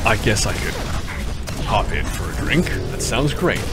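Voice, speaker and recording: A man's voice: fairly low pitch, big pitch swings, measured pace. A man voicing a pushy, demanding male brown bear in a told joke, with music behind. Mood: cheerful. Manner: insistent, formal, repeats his demand.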